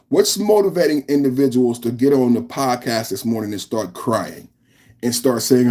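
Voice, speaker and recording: A man's voice: mid-range voice, expressive, moderate pace, a little mellow. A man hosting a live reaction podcast, ranting in a heated, repetitive way with lots of rhetorical questions. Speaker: podcast host.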